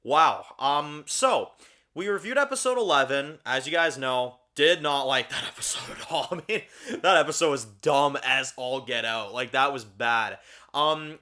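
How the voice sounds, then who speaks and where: A man's voice: fairly high pitch, bright, forceful tone. A man hosting his own TV review channel, talking casually and frankly to viewers and often repeating words as he thinks. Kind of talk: casual on-camera review talk.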